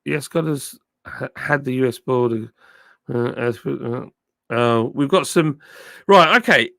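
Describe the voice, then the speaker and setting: A middle-aged man from the south of England, his southern English accent softened by years in the north, chatting casually on a live stream and reading out viewer comments. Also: medium pitch, slow pace, vocal fry, dry recording, clean studio sound. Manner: chatty, thanking viewers by name, frequent ums and uhs. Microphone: phone with a plug-in mic.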